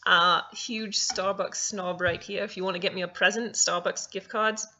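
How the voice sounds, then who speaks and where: A woman's voice: mid-range voice, fairly even intonation, moderate pace, sharp tone, slight background noise, lightly acted. A young woman answering viewer questions while putting on a self-conscious, giggling British accent. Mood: embarrassed, playful. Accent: put-on British. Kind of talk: vlog Q&A. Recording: dull lo-fi home recording.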